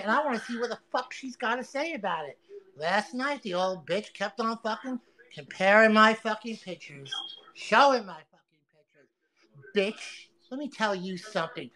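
A woman livestreaming an angry, profane rant, taunting and repeating herself with loud outbursts. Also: medium pitch, animated, moderate pace, poor audio.

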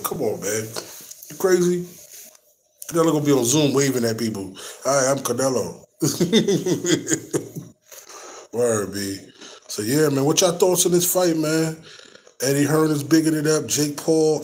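Male host, casual boxing commentary, animated and slangy, speaks to the audience, ordinary mid pitch. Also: slight background noise, poor audio. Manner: animated, slangy, talks straight to viewers. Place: at his workplace.

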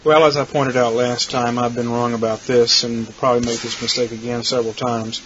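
A man's voice: mid-range voice, little pitch movement, fairly quick, fairly bright tone. A man teaching Bible lessons, plainly correcting something he said earlier. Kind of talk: lecture correction. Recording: dull lo-fi recording with faint hiss.

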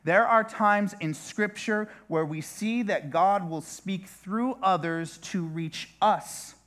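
A man's voice: high-pitched, slow pace, a bit bright. A male pastor preaching a sermon in a chatty way, turning often to the listeners with asides. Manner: conversational, with repeated asides to the listeners.

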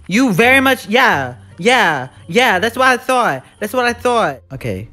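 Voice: medium pitch, very animated, a little slow, bright, forceful tone, faint music behind. A gamer giving live commentary on a horror game, jumpy and sassy, shrieking when scared and talking back to the villain. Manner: frightened shrieks and repeated exclamations.

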